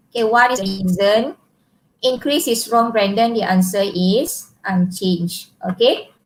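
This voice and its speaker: Malaysian lady teaching physics online, really slow and patient, keeps asking the class questions, faint hiss behind. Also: mid-range voice, poor audio. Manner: patient, slow, repeats and quizzes students.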